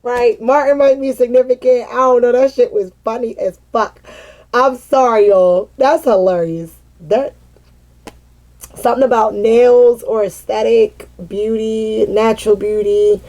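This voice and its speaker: A woman giving a casual, animated tarot reading, swearing freely and breaking into sassy asides as she voices the cards. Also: fairly high pitch, a little slow, poor audio. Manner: chatty and animated, swears freely and laughs often. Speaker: tarot card reader.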